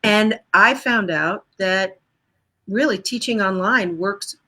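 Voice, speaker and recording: Bright, enthusiastic woman vocal coach. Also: medium pitch, slow pace, poor audio. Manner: enthusiastic, animated storyteller who slips into voices. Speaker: singer and vocal coach, guest. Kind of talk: casual interview chat.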